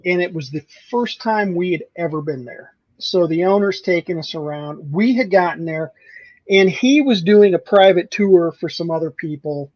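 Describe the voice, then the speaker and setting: A man who investigates the paranormal, a guest on a video call, recounting events in a slow, steady way. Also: sits high, muffled recording. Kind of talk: casual chat.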